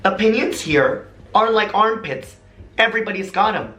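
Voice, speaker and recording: An American vlogger speaks casually to the camera, telling stories with animated drama and slipping into imitated voices. His voice is high-pitched, pushed and bright, moving at normal speed, and the room sounds echoey.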